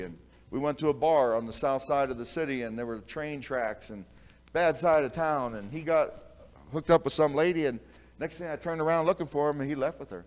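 A man's voice: a little high, a little fast. Folksy preaching pastor, man. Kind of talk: sermon.

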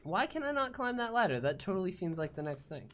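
A man giving live gameplay commentary as a let's play gamer, jumpy and swearing often with loud startled outbursts. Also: sits high, sing-song, fast talker.

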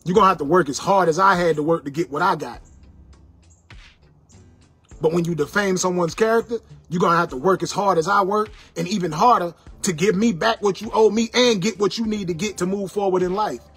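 Angry high-voiced man preaching at viewers. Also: fairly quick, fairly bright tone, husky, faint music behind. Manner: angry, repetitive, sermon-like warnings. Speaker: internet personality ranting to viewers.

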